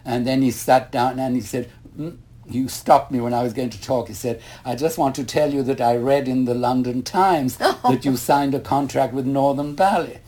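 A man's voice: medium pitch, dark tone, husky. An older man, a retired ballet master, telling a long rambling anecdote in a casual interview, quoting others along the way. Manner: rambling anecdotal, quotes others, many asides.

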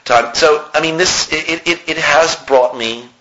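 A man's voice: fairly high pitch, moderate pace. A middle-aged man, a playwright, telling anecdotes in a casual interview and acting out the dialogue he quotes. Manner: animated anecdote-teller who acts out quoted dialogue. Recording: slightly muffled lo-fi recording with faint hiss.

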